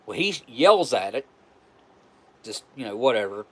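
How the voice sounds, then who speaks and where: A man hosting a casual live stream, recounting a story with blunt, profane frankness. His pitch sits mid-range, and he rambles, restarting sentences as he goes. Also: lively intonation, moderate pace. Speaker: livestream host.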